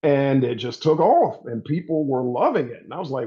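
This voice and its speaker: A laid-back man, a plant-based recipe creator, talking as a guest in a conversational interview, getting animated when excited. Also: medium pitch, moderate pace, muffled recording.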